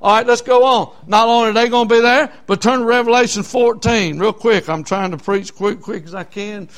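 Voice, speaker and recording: A man preaching a fervent sermon. His voice sits high for a man, and he stumbles through fillers and repeats phrases as he drives his points home. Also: brisk, clean tone. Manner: fervent, repetitive, many fillers.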